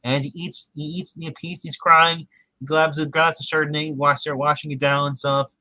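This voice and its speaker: A man's voice: on the high side, flat delivery, normal speed, sharp tone, no room sound, poor audio. A man co-hosting a podcast, giving a casual episode recap and animatedly acting out the characters' quotes. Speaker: podcast co-host.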